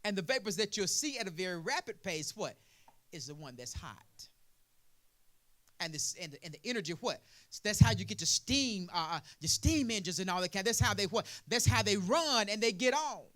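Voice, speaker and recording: Speaking brisk and high-pitched with lively intonation, a male preacher works in call-and-response fashion, asking "what?" and answering himself. His sermon climbs from quiet explanation to loud preaching.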